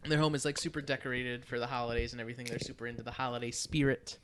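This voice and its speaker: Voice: mid-range voice, level tone, racing, slight background noise. A podcast co-host casually recapping a movie in a rambling way, with plenty of "uh" and "like" and frequent laughter. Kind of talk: casual chat recapping a film.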